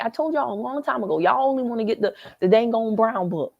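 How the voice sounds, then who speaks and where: A woman with a Southern American accent hosting a livestream, talking straight to her viewers in a worked-up, animated way from a hotel lobby. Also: on the high side, fast talker, vocal fry, no room sound, lo-fi sound. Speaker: livestream host. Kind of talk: animated live chat reading comments.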